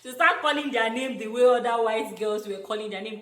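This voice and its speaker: A young Nigerian woman telling a story in an animated vlog, exclaiming and laughing often. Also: a little high, brisk. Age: young adult. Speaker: vlogger, international student. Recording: echoey room.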